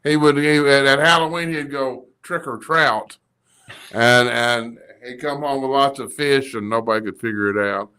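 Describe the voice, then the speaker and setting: A man's voice: mid-range voice, normal speed, hardly any pauses, pushed and bright, clean tone. A man from Kentucky, co-hosting a live show in folksy, joking banter and laughing at his own jokes. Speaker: video producer and co-host.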